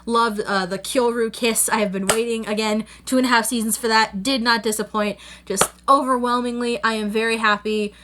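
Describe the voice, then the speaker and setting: A woman's voice: fairly high pitch, fairly even intonation, normal speed, hardly any pauses, a bit bright, a little hiss or hum. A young woman hosting a casual anime review, gushing and rambling with lots of fillers. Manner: gushing, rambling, full of "like" and "you know". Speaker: anime reaction host.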